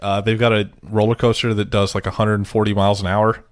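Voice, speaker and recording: Chatty man with a lowish, dry voice. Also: level tone, fast, no echo. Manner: chatty, loose, swears freely. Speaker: podcast co-host. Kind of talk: casual chat.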